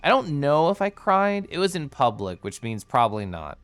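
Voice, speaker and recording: Chatty male streamer, bubbly and giggly, very expressive pitch, smooth clear voice. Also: normal speed, no room sound. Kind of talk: casual livestream chat over gameplay.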